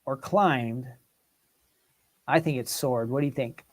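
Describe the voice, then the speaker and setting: In a slow, mid-range voice, a man hosts a casual livestream quiz, musing aloud over word questions. He asks his viewers to share their answers.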